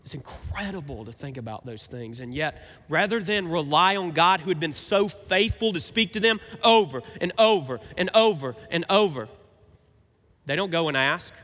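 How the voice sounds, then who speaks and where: A man in his thirties preaching a sermon, swinging between emphatic and quiet, reflective passages. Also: a little high, expressive, normal speed. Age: 30s. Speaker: pastor. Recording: reverberant hall.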